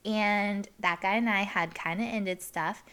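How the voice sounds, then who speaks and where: Bright, crisp-voiced woman telling a story. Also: mid-range voice, measured pace. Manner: animated, swearing, acts out quoted lines loudly. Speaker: podcast host. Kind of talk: casual storytelling.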